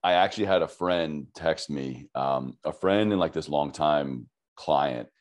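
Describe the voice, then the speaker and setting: A man, an army veteran and podcaster, telling his story in a relaxed, chatty interview with frequent fillers. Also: rumbling low, unhurried.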